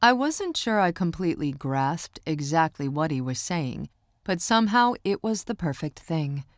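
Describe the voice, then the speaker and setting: Woman narrator, measured first-person reading, dry close studio sound. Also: low voice, very animated, no room sound. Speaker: audiobook narrator.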